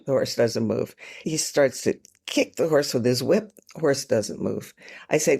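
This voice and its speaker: A woman author, a guest on a podcast, telling her travel stories in an animated, self-mocking way. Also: rumbling low, moderate pace, vocal fry, husky. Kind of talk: storytelling in a podcast interview.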